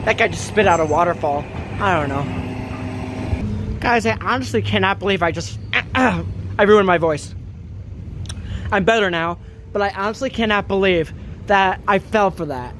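Outdoors beside railway tracks, a young man films a train-spotting vlog over a noisy background. His voice sits high and moves at a moderate pace as he gives frantic, excited commentary, repeating himself.

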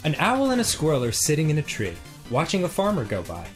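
A man telling dark jokes in casual banter, with a lively delivery and crude asides. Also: on the high side, quick pace. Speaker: comedy show co-host. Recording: animated comedy show with faint music.

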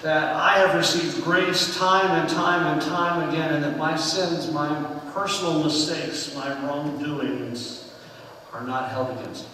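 A man preaching a conversational sermon in a church sanctuary, telling personal stories earnestly and letting his phrases fall softly at the ends. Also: fairly high pitch, fairly even intonation, unhurried, slight background noise. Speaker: pastor. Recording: echoey sanctuary with long reverb, far from the mic.

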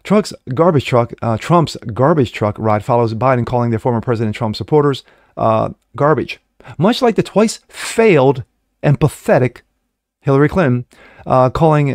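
A man's voice: medium pitch, brisk, no room sound. Man mocking the news in a dry voice. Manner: mocking asides, frequent fillers and self-corrections. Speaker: online political commentator. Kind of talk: reading news with personal commentary.

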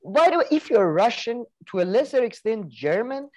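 A man's voice: very high voice, big pitch swings, normal speed, muffled recording, slight background noise. A man co-hosting a podcast in casual chat, rambling with many restarts, fillers and the odd swear word. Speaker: podcast co-host.

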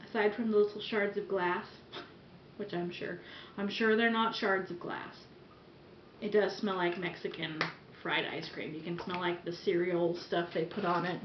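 A woman's voice: lowish voice, slight background noise. Chatty woman on a dull, roomy home camera. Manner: chatty, rambling, giggly asides. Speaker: vlogger reviewing wax melts. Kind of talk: casual product review. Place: room at home. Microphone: camera mic.

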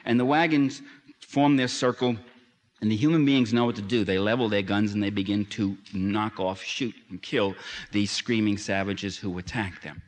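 A man's voice: fairly low pitch, steady tone, normal speed. A man giving a public lecture, sardonic and dry, building to impassioned emphasis. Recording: long hall reverb.

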